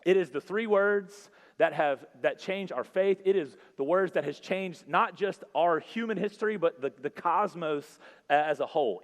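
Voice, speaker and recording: A man preaching a sermon in a casual, conversational way, often repeating phrases and asking "right?", and dropping soft and low on key words. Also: unhurried. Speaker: pastor. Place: church hall. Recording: long hall reverb.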